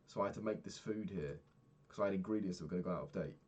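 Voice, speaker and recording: A young man, a personal trainer, candidly recapping his week and swearing freely, getting animated when retelling annoyances. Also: low voice, very fast, a little hiss or hum. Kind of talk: casual vlog recap.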